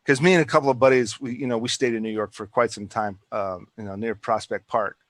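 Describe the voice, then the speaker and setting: A man's voice: mid-range voice, fairly even intonation, fast talker, dry recording. A man who acts, talking casually in a podcast interview, rambling and restarting his sentences often. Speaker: actor and guest. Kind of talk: casual conversation.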